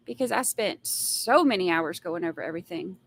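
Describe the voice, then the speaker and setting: A woman's voice: lowish voice, lively intonation, brisk. A woman hosting a live trial commentary, answering viewer comments and giving blunt, sassy opinions with exasperated rants. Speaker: trial commentary livestream host.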